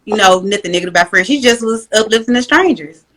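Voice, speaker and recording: A woman guest on a casual talk show, telling stories in an animated, slangy, joking way. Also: mid-range voice, quick pace, rough recording. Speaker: podcast guest. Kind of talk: casual interview chat.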